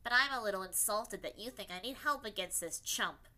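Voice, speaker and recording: A woman voicing a blunt, cocky young girl earthbender, speaking slowly and deliberately. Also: mid-range voice, expressive, pushed and bright.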